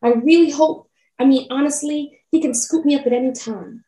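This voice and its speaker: Panicky rabbit voiced by a woman, high and shrill, echoing off the walls at a distance from the mic. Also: moderate pace, natural voice. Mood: frightened. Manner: anxious, growing louder with fear. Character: frightened male rabbit, panicky and exposed. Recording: roomy echo, off-mic.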